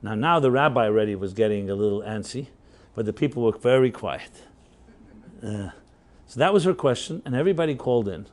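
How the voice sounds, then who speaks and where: A man's voice: medium pitch, expressive, brisk. A man, a rabbi, telling a story to a workshop audience in a loose conversational way, full of fillers, chuckles and tag questions. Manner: anecdotal, chuckling, filler-heavy.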